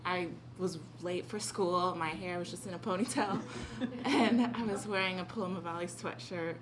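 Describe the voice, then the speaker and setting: A woman's voice: lowish voice, steady tone, moderate pace. A teenage girl giving a rambling, giggly thank-you speech as an honored student at a school event. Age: late teens. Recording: noisy event recording.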